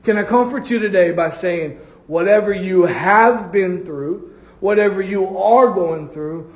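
A man with a fairly high voice preaches a sermon in church. He speaks to his congregation and slows down to lean on key phrases. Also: a little mellow. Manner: preaching with drawn-out emphatic phrases and acted quotes. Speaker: pastor.

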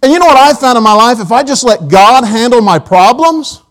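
Male preacher, high voice, folksy anecdotes, church sermon. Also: animated, brisk, fairly bright tone, poor audio. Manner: folksy storytelling with quoted asides. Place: church auditorium.

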